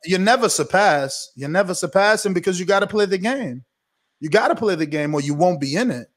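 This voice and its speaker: A man as a guest in a casual interview, talking in a measured, insistent way full of rhetorical questions. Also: high-pitched, lively intonation.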